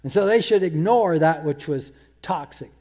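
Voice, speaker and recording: A man preaching a sermon, emphatic, repeating words and slowing down to quote scripture. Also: on the high side, lively intonation, darkish tone. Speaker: pastor.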